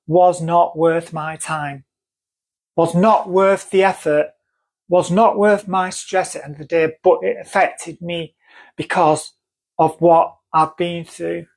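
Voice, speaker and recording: A woman with a North Manchester accent telling a personal story to camera, earnest and emphatic, repeating phrases for stress. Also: on the low side. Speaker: vlogger.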